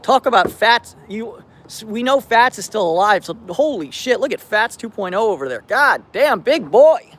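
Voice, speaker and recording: Animated, high-voiced man rambling on a live stream. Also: moderate pace, hardly any pauses. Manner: rambling, with many restarts and mild swearing. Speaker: vlogger feeding stray cats. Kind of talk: casual live-stream chat. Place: outdoors by his car at night.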